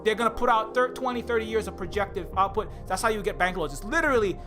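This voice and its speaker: High-voiced man ranting with music behind. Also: fast talker. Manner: heated, sarcastic, full of restarts and mocking impressions. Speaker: streamer. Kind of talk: rambling political rant on a live stream.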